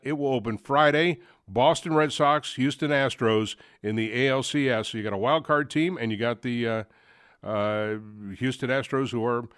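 A man's voice: medium pitch, fairly bright tone, dry recording, studio quality. A man hosting a sports talk show, talking casually and rambling with many fillers and restarts. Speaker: sports radio host.

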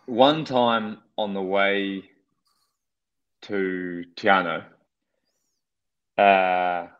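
Low-voiced New man telling stories. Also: steady tone, drawn-out words, smooth. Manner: rambling, laughing, profane anecdote-telling. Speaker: podcast co-host, former racing cyclist. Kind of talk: casual storytelling chat. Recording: dull lo-fi sound.

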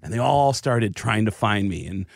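An American man, a comedian guest, telling stories in a casual, animated way and jumping into voices. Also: lowish voice, normal speed, vocal fry, no echo, clean studio sound. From United States. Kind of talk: casual storytelling interview.

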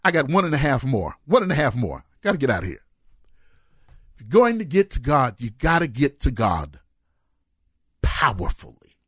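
Male pastor, husky and raised in pitch, lively fervent sermon delivery, dry close mic. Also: a little fast, no echo. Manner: fervent preaching, rising to shouts and sung phrases. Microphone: close mic on a cord.

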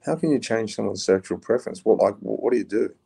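A man's voice: on the low side, quick pace, vocal fry, dark tone, husky. A middle-aged Australian man speaking bluntly and casually as a podcast guest, now and then swearing. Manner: blunt, plain-spoken, swears, says "mate". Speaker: podcast guest, former prisoner. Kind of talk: casual interview talk.

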